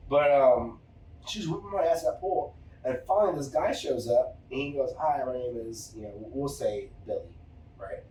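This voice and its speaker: A man's voice: medium pitch, moderate pace. A man hosting a podcast, telling a casual story with lots of swearing and acting out the people in it. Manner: animated, profane, acts out other people in anecdotes. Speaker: podcast host. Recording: roomy room, distant mic.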